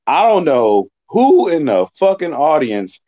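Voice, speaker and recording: A man's voice: a little high, very animated, measured pace, dark tone. A young man co-hosting a tech show, complaining in a laid-back, casual way with lots of swearing and mocking quotes. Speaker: co-host. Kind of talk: casual ranting chat.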